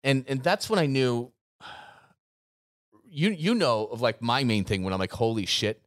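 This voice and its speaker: A man's voice: medium pitch, sing-song, unhurried, no room sound, studio quality. A man co-hosting a podcast, talking earnestly and emphatically about coaching gym owners, often repeating himself. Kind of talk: casual podcast chat.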